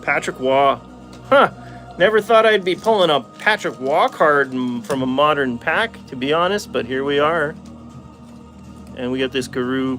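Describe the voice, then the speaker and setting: A man's voice: medium pitch, a bit bright. A man from Calgary with an Alberta accent, chatting casually to viewers while opening trading card packs, laughing often. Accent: Albertan Canadian English. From Calgary, Canada. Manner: laid-back, chuckles often, talks to chat viewers. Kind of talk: casual pack-opening chat.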